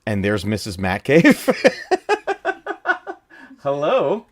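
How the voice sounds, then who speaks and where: A man hosting a casual live gaming stream from home, excitable and laughing often as he talks to his chat. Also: medium pitch, very slow. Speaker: gaming channel host. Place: home room.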